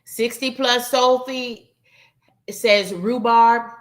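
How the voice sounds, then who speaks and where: A woman's voice: a little high, unhurried, pushed and bright. A woman hosting a casual live-stream game night, reading viewers' answers and chatting with them as y'all. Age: adult, 21 or older. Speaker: livestream game night host.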